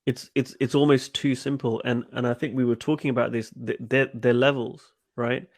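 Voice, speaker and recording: A man's voice: medium pitch, little pitch movement, normal speed, dry recording, clean studio sound. A middle-aged man, a coach, telling stories in a webinar, often repeating words and acting out quoted dialogue. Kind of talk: webinar interview answers.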